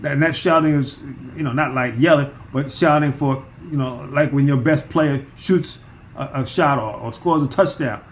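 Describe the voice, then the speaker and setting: Man, fairly high voice, emphatic Bible teaching, repeats himself, lots of uh. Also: normal speed, slight background noise. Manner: emphatic, repeats words, many fillers.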